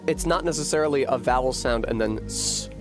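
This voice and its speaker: A man's voice: mid-range voice, fairly quick. Male streamer, sardonic and profane live commentary, game music faint behind. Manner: profane, sardonic thinking aloud. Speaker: streamer playing a video game.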